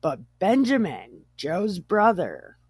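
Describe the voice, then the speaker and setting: A woman's voice: lowish voice, huge pitch swings, takes it slowly, a little mellow, slightly rough, no echo. A woman host retelling a Bible story casually, irreverent and profane, often joking.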